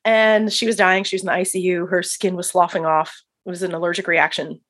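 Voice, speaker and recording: Woman chaplain guest, husky, animated storyteller, laughs easily. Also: lowish voice, brisk. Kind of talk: casual podcast interview.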